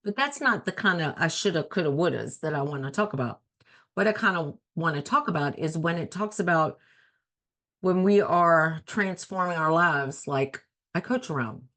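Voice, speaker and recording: Woman, lower-pitched, life coach hosting a solo talk show; earnest and chatty, repeats phrases for emphasis. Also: lively intonation, normal speed, fairly bright tone.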